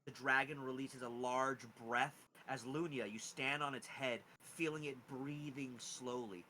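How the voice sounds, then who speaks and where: Guy running a dnd game, bright voice, a bit of hiss in the background. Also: measured pace, poor audio. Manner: animated, pitch jumping on key words. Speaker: game master. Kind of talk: narrating a tabletop game.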